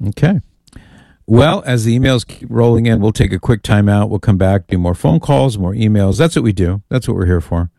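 Mellow-voiced male radio host. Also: lowish voice, animated, normal speed, gravelly, no echo, studio quality. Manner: jovial, playful banter. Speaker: radio talk show host. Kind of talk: casual call-in radio chat.

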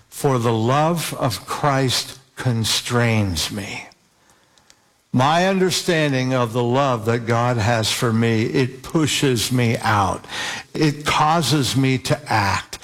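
Slow, deliberate male preacher. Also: medium pitch. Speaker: pastor. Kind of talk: sermon.

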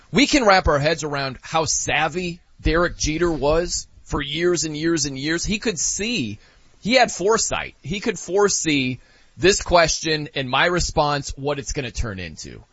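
A man hosts a sports talk show in a lively, casual way, often laughing and acting out quotes. His voice is bright and a little husky. The sound is dry and close but dull and lo-fi. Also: fairly high pitch, no echo. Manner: animated, laughing, acts out quotes.

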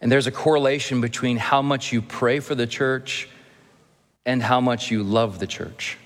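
A male pastor preaching an earnest expository sermon, slowing down to stress key phrases. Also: mid-range voice, steady tone. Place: church sanctuary. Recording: long hall reverb.

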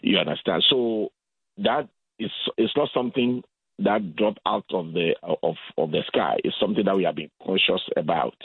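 A man from Ghana talks through his points slowly and carefully, often going back over his own words. His voice sits low and a little husky. It comes through a thin, phone-like line with no room sound. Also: dry recording. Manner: measured, explanatory, repeats words. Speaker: guest.

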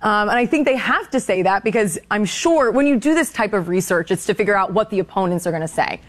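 A woman panelist giving measured, skeptical commentary on a talk show. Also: mid-range voice, expressive.

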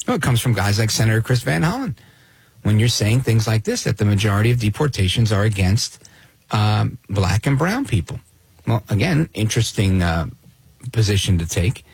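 A man's voice: fairly low pitch, sing-song, normal speed, slightly rough, no room sound. A man hosting a talk radio show, delivering an opinionated, sardonic monologue and reacting to clips he plays.

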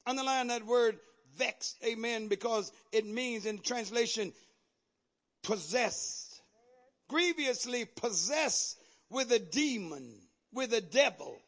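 Fiery preacher guy, really high voice, bright and sharp, shouts a lot, says amen constantly. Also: lively intonation, slow pace. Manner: fiery preaching with shouted peaks and repeated amens. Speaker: pastor. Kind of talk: sermon.

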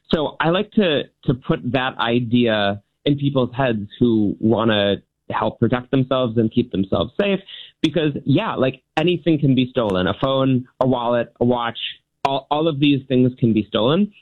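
A male magician, a guest on a radio show, explaining things in a friendly, easygoing way. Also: mid-range voice. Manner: friendly, explanatory, laughs easily. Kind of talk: casual interview. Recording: tinny phone line.

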